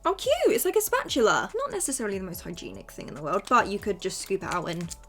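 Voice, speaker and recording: A bubbly woman chats away as she works through a makeup routine, speaking straight to the viewer. Her voice sits at an ordinary middle pitch, friendly and talkative. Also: sing-song, quick pace. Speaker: beauty vlogger. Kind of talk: casual makeup tutorial chat.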